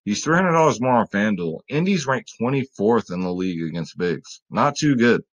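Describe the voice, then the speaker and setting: A man's voice: fairly low pitch, very animated, moderate pace, highs cut off. A man casually talking through fantasy basketball picks in a rambling, joking way, often addressing viewers as guys. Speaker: fantasy sports vlogger. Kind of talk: casual sports betting picks talk.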